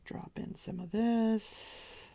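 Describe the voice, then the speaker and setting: An older woman hosting a daily crafting show, recapping a trial in casual chat with animated storytelling and hushed asides. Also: fairly high pitch, drawn-out words, gravelly, dry recording, in a whisper. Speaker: daily crafting and true crime show host.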